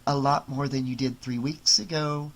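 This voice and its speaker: A man voicing a young wife who speaks softly and teases her husband gently. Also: medium pitch, steady tone, normal speed, lightly acted. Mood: affectionate. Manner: soft, raised, gently teasing. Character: warm young wife, crafty and affectionate.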